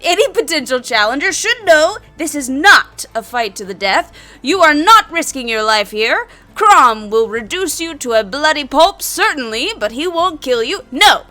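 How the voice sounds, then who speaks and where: A woman voicing a loud, brash male fight announcer at a tabletop game. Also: high-pitched, big pitch swings, unhurried, soft background music, pitched above the performer's own voice, heavily acted. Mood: showy. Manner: bellowing showman, half-hearted.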